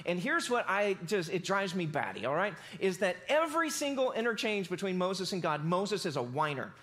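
A man with a high voice preaching a sermon. He talks the way he would in a casual chat and tells the story with animation and everyday phrases. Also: sing-song, normal speed, fairly bright tone. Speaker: pastor.

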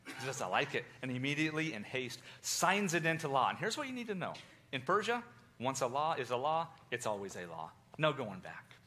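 A man telling a Bible story in first person with theatrical, animated delivery, addressing listeners directly. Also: mid-range voice, a little fast, slight background noise.

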